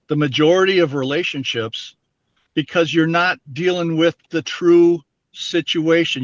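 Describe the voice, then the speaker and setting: A man's voice: fairly high pitch, fairly bright tone, dry recording. A man being interviewed, talking earnestly and explaining his points through everyday examples. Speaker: interview guest. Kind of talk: candid personal interview talk. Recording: dull dry lo-fi sound.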